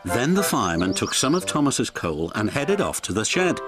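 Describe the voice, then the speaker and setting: A man narrating a children's storybook in an expressive, sing-song way. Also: mid-range voice, moderate pace. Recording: narration over music.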